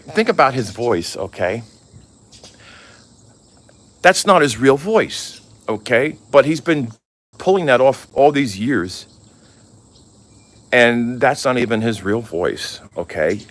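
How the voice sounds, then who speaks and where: A man's voice: medium pitch, a bit bright. A middle-aged man vlogging in a casual, candid chat, rambling with lots of fillers. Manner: rambling, candid, full of "you know" fillers.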